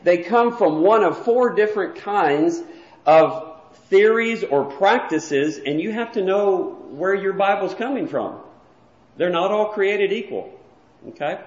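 A man's voice: high voice, animated, measured pace. Man teaching from the pulpit, echoey. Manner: plain, explanatory, walks through a chart. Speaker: preacher teaching a Bible class. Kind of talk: explanatory sermon lesson. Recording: echoey, dull lo-fi room recording.

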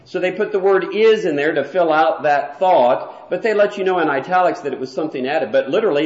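Guy preaching a lesson, kinda high voice, echoey church room, muffled old recording. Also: lively intonation, a little fast, hardly any pauses. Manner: plain, explanatory, walks through a chart. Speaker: preacher teaching a Bible class. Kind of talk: explanatory sermon lesson.

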